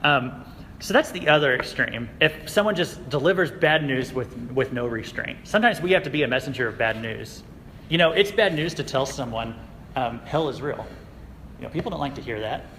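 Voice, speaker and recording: A man preaching a sermon to a youth group in a casual, conversational way, with fillers and quick laughs. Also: mid-range voice, expressive, pushed and bright, big-room sound, a little hiss or hum, rough recording. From United States. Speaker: youth pastor. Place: church sanctuary.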